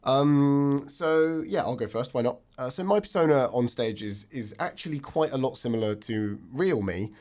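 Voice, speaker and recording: A young man in his twenties co-hosting a chat podcast, talking politely and thoughtfully with many pauses and fillers. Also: mid-range voice, a little mellow. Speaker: podcast co-host, stand-up comedian. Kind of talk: casual chat.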